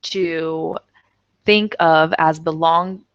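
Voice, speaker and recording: A woman's voice: deep voice, fairly even intonation, extremely slow, no room sound. A woman teaching an English lesson in a casual way, reading example sentences aloud and explaining them. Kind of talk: online language lesson. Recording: dull, dry lo-fi recording.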